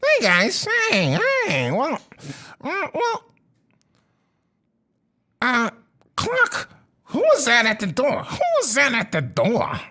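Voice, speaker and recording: Squeaky, babbling henchman, nervous and repetitive. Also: huge pitch swings, takes it slowly, pauses often, pushed and bright, heavily acted. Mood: flustered. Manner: flustered, rambling, repeats himself. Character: jittery chatty male henchman.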